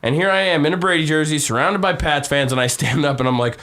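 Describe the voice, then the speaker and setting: A man's voice: fairly high pitch, quick pace, fairly bright tone. Rowdy, tipsy man telling a story. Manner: rowdy storyteller, swears a lot, acts out quotes. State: drunk. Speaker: podcast host. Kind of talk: casual podcast chat.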